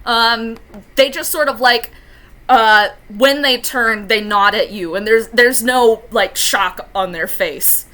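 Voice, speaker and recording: A woman's voice: a little high, slow, pushed and bright. A woman narrating as game master, hesitant and full of fillers.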